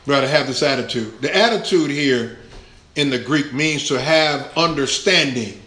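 A man preaching a sermon in a church, lively and conversational, acting out quotes and laughing along with the congregation. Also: mid-range voice, normal speed. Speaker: pastor. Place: large church sanctuary. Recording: echoey church room.

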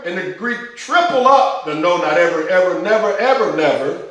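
A man's voice: sits high, lively intonation, moderate pace, few pauses, a bit bright. A man preaching a passionate sermon as pastor, repeating phrases for emphasis and drawing answers from his congregation. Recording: very echoey church hall.

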